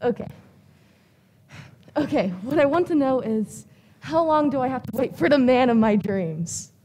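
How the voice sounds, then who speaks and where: A woman's voice: high voice, lively intonation, unhurried, a little mellow, slight background noise. A woman playing an earnest young romantic waiting for her dream man in a stage play. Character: young dreamy woman pining for Prince Charming.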